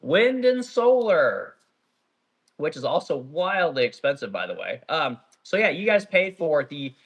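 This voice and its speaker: A man's voice: fairly high pitch, expressive, moderate pace, a bit bright, slightly rough. A middle-aged man who owns a small business, ranting bluntly and profanely on a casual livestream while reading out viewer comments. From Oregon. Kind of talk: casual live-stream rant reading comments.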